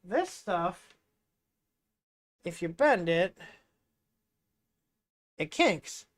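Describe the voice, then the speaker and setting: A man's voice: sits high, very animated, very slow, no room sound. Guy rambling thru a hands-on tech stream, lots of "like", dry close sound, wireless mic. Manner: rambling, filler-heavy, explains while tinkering. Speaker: livestream host. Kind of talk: casual hands-on tech livestream.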